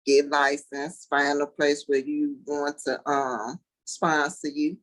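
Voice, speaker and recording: A woman's voice: sits low, little pitch movement, takes it slowly, low-quality recording. Candid, easy-laughing real estate agent woman. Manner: candid, laughs easily, explains plainly. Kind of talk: casual interview chat.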